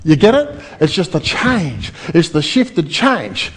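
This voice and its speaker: Animated man pitching to an audience. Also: slow, husky. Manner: animated, addresses the crowd with rhetorical questions. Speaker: seminar speaker. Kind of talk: property seminar pitch to a live audience.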